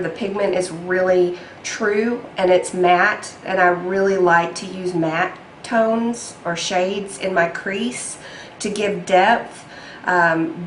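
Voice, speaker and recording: Young woman doing a makeup tutorial, slow and chatty, lots of ums, echoey room. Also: lowish voice, a little hiss or hum. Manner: chatty and self-deprecating, with frequent ums. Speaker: beauty vlogger.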